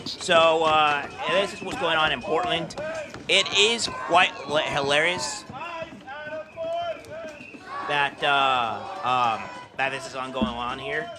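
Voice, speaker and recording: A man hosting casual political commentary, talking in a scornful, mocking way with many halting fillers. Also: fairly high pitch, loud music behind the voice. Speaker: commentary host.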